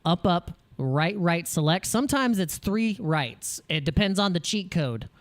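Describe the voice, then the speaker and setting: Speaking a little slowly but expressively in a high pitch, an American man chats casually on his crypto livestream. He rambles, jokes, laughs a lot and restarts often, wired on espresso.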